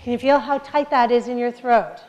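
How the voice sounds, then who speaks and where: A woman's voice: a little high, a little fast, a little mellow, lo-fi sound. A young adult woman coaching speakers through breathing and counting drills in an upbeat instructional lesson.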